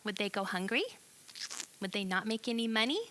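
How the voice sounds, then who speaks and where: A woman teaching a children's Bible lesson, telling the story in an animated way and asking the listeners questions. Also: medium pitch, brisk, a little hiss or hum, poor audio.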